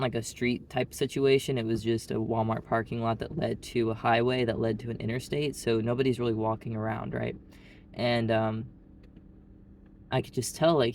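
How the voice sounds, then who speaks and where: A man's voice: mid-range voice, darkish tone, slight background noise. A man from Arkansas with an Arkansas accent, telling a story in a blunt, rambling casual monologue full of "like". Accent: Southern US, Arkansas. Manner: blunt, rambling, heavy use of "like". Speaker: vlogger.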